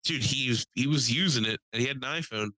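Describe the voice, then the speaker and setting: A man's voice: medium pitch, fast talker, bright, forceful tone, rough recording. A young American man telling a rambling story in casual chat, swearing and laughing often, slipping into voices. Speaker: podcast host.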